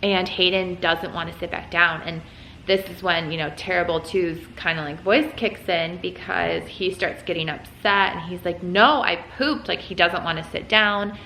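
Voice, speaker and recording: A woman's voice: on the low side, fairly even intonation, moderate pace, pushed and bright, echoey room, slight background noise, poor audio. A young woman vlogger casually telling a story at home while folding laundry, full of "like" and "um". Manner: chatty, lots of "like" and "um". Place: room at home.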